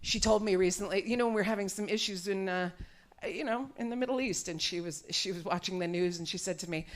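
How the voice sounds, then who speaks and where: A woman's voice: medium pitch, fast. A woman doing a live stand-up comedy set, brash and bawdy, often laughing through her lines. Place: small studio venue set up in a warehouse.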